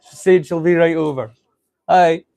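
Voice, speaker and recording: A man's voice: mid-range voice, normal speed, darkish tone, dry recording. A man hosting a live stream in casual chat, rambling and thinking aloud to his viewers.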